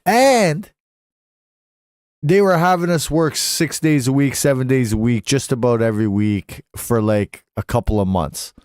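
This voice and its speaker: A man's voice: mid-range voice, a little slow, a little mellow, clear, resonant tone, no echo, clean studio sound. A young adult man telling stories casually on a live stream, swearing freely and slipping into voices when he quotes people.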